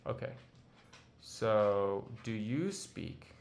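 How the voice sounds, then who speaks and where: Slow, patient male language teacher. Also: medium pitch, a bit bright. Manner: slow, patient, repeats phrases for practice. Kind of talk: audio language lesson.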